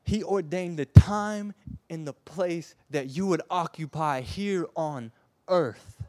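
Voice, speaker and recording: Guy preaching hard then going quiet, stumbles on words, dry close sound. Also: a little high, takes it slowly, no echo. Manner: impassioned, swings from loud urging to soft hush; stammers and repeats words. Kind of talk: sermon.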